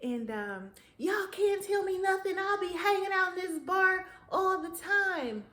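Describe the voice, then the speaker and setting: A woman putting on the voice of a belligerent, drunk man from the American countryside, with a country accent and shouted curses. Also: very high voice, animated, measured pace, echoey room, pitched above the performer's own voice, exaggerated voice. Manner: shouting, cursing, rowdy.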